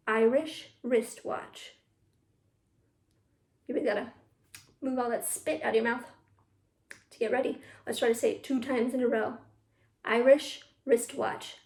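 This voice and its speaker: A woman teaching an online drama class for children, upbeat and encouraging as she leads tongue twisters. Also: on the high side. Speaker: youth theatre drama teacher. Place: at home on a video call. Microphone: computer mic.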